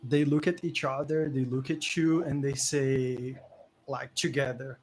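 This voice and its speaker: A man's voice: mid-range voice, level tone, measured pace, slight background noise, poor audio. Hesitant male game master. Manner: hesitant, many fillers while describing. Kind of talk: narrating a tabletop game.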